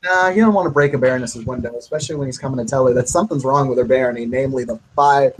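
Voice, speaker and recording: A man's voice: medium pitch, racing, few pauses, breathy edge, rough recording. Easygoing man joining the game. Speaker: player. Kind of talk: playing a character in a tabletop game.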